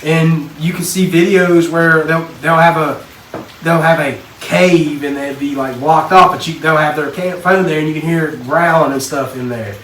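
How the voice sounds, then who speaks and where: Casting note: man, podcast co-host, somewhat high voice, animated storyteller, roomy distant mic. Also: normal speed. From Texas. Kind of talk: casual chat. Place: basement. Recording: echoey room, mic at a distance, faint noise.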